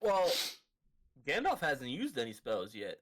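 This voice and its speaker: Young man, podcast co-host, casual chat, rambling, lively swinging voice. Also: medium pitch. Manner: rambling, fillers, quick to laugh.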